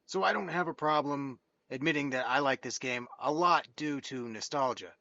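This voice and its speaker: A man's voice: medium pitch, normal speed, bright, forceful tone, dry recording, lo-fi sound. A man in his thirties hosting a gaming channel, giving a chatty, candid game review monologue. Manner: chatty and candid, with many fillers and restarts.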